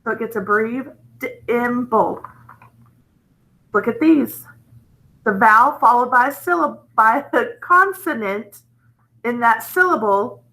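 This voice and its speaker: Slow, bright-voiced woman teaching phonics. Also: on the high side, poor audio. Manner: slow, patient, checks in with "okay?". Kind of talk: phonics lesson.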